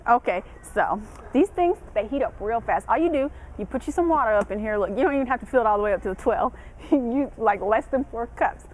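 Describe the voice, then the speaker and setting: A woman's voice: fairly high pitch, expressive, fairly quick, a little hiss or hum, low-quality recording. A young woman giving casual college dorm advice, chatty and colloquial, laughing often.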